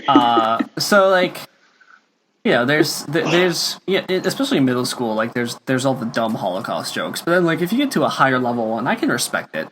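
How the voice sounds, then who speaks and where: A man's voice: mid-range voice, big pitch swings, brisk, a bit bright, a little hiss or hum. A young man hosting a casual podcast chat, rambling with lots of fillers and restarts. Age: young adult. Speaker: podcast host.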